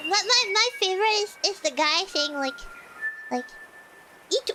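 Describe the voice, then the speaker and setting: A woman's voice: extremely high pitch, lively intonation, moderate pace. A woman streaming casually, rambling playfully with lots of "you know" and "like", coughing often between phrases. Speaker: virtual streamer. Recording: clear background noise.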